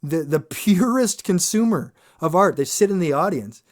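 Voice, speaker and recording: A man hosting a podcast, a singer talking in a casual, animated monologue, swearing freely and acting out quoted voices. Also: sits high, normal speed. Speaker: podcast host.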